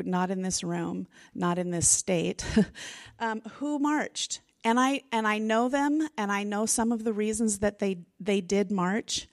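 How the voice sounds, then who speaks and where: A middle-aged woman teaching a women's Bible study in a casual, expressive way, often restarting her sentences. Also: medium pitch, no echo. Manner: chatty and expressive, with frequent restarts. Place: room with a group of women.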